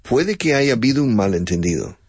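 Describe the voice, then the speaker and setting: A man's voice: mid-range voice, sing-song, quick pace, a little mellow, breathy edge, no echo, studio quality. A man from Texas, teaching English in a chatty, digressive way and laughing often. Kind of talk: language lesson with drills.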